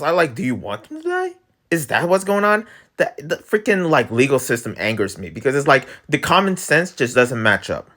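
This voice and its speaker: A man hosting his own vlog, talking alone in a casual ranting monologue that swings between heated outbursts and low mutters. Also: big pitch swings, moderate pace, pushed and bright. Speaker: vlog host.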